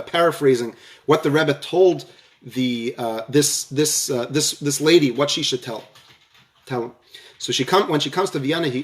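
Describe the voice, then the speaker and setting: A man giving a storytelling lecture on a religious theme, halting often and repeating words as he goes. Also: mid-range voice.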